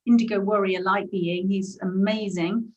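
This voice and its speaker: An English woman in her forties with a Brighton accent hosts a relaxed chat and gushes with affection and spiritual warmth. Her voice sits at an ordinary pitch. The room around her rings with a noticeable echo. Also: moderate pace, lo-fi sound, a crowd in the background. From England. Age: 40s. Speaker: host. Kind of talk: casual interview chat.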